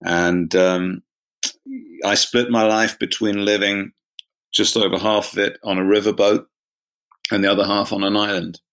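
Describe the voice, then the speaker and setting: A man's voice: fairly low pitch, level tone, measured pace, long pauses, fairly bright tone. A middle-aged man with a southern English accent, a pastor chatting as an interview guest, self-deprecating and given to laughing. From southeast England. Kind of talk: casual interview chat. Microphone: remote call.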